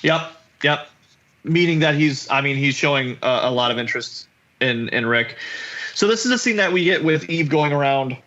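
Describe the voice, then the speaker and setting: Animated podcast dude, bright sharp voice, swears a lot, bit lo-fi sound. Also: male voice, fairly high pitch, moderate pace. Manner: animated, profane, acts out characters' lines. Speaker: podcast co-host. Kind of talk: casual recap chat.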